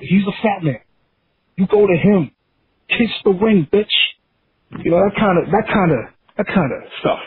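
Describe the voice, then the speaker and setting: A man's voice: high voice, breathy edge. A man calling in to a podcast, talking in a rambling, enthusiastic way with many restarts. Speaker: caller. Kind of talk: casual voicemail call-in. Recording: tinny phone line.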